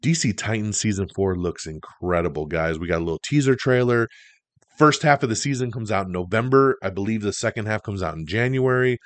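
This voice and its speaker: Low-voiced man rattling off entertainment news. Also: fairly quick, no room sound. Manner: chatty, opinionated, fillers. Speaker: host of an entertainment news show. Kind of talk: casual news commentary.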